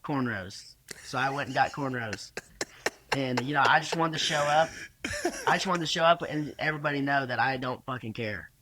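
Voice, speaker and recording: A young man, a podcast guest, telling rodeo stories casually with energetic, profane, stumbling restarts. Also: medium pitch, moderate pace, background noise. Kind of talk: casual storytelling.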